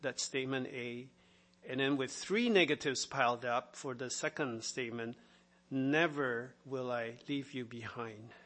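Man, preacher, sermon, slow delivery, explanatory, occasional fillers. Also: medium pitch, a bit bright.

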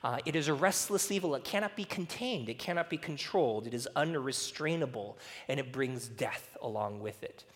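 A man's voice: medium pitch, normal speed. A man preaching a casual sermon, chatty and laughing, full of fillers and asides. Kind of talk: casual sermon with personal stories. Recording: long hall reverb.

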